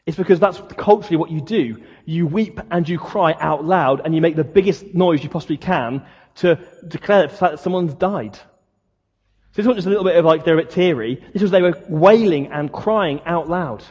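A man's voice: on the high side, brisk, a little mellow, husky. Man preaching in an echoing hall. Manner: conversational preaching, rhetorical questions. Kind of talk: sermon. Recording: dull lo-fi sound, long hall reverb.

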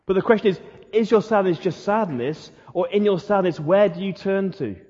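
A man's voice: high-pitched, moderate pace, darkish tone, husky. Man preaching in an echoing hall. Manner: earnest, repeats rhetorical questions. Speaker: pastor. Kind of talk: sermon. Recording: muffled sound with long hall reverb.

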